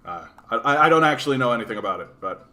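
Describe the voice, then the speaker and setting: A man hosts a political livestream and answers his chat. He talks bluntly and swears freely, padding his points with "like" and "right?". His voice is bright and forceful, pitched in a middle range. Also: lively intonation, very fast. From Canada. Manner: blunt, profane ranting full of "like" and "right?".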